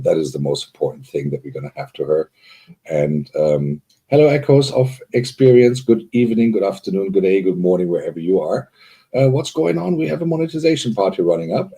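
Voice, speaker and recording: A man's voice: low voice, warm tone, slightly rough. A man co-hosting a live online party, chatting loosely with many fillers and greeting viewers as they arrive. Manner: rambling, filler-heavy, upbeat greeting of viewers. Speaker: co-host. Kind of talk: live-stream hosting chat.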